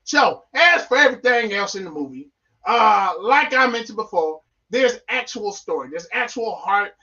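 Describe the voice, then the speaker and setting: A man's voice: high-pitched, expressive, moderate pace, bright, forceful tone, muffled recording. A man reviewing a film on a casual live stream, rambling with playful, goofy asides.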